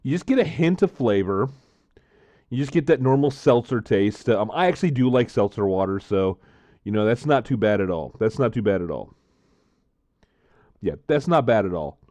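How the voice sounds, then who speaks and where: A man's voice: fairly low pitch, expressive, moderate pace, mellow, dry recording. Chatty man with lots of filler sounds. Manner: chatty, rambling, repeats himself. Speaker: vlogger tasting drinks. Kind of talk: casual chat to camera.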